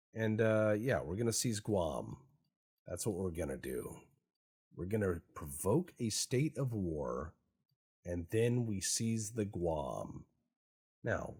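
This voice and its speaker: A man with a very low, husky voice talks through a strategy game in a wry, sarcastic, meandering way. He speaks slowly, and his pitch swings widely as he jokes. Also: a little mellow. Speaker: gaming YouTuber. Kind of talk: casual gameplay commentary.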